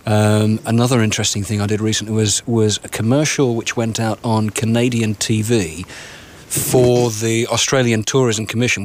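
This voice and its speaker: A man working as a radio voice artist, talking in an interview in a reflective way, often restarting his sentences. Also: medium pitch. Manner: reflective, with frequent restarts and ums. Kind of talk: interview conversation.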